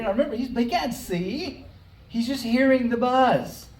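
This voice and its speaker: A pastor giving a conversational, story-driven sermon with dramatic pauses. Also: medium pitch, animated, a little hiss or hum. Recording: roomy hall, mic at a distance.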